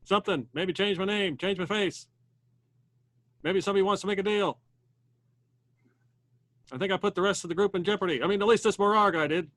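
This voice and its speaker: A man's voice: sits high, fairly quick, long pauses, fairly bright tone. A man playing a tabletop role-playing game, speaking in terse, clipped lines as his character. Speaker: player.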